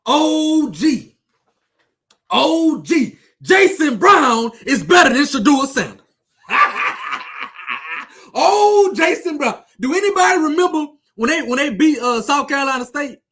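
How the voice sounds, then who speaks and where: High sharp-voiced dude ranting at his viewers, cussing, taunting, says stuff twice. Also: sing-song, a little slow. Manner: fiery, repetitive, profane, taunting. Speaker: sports commentator with his own channel. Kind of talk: heated sports rant to viewers.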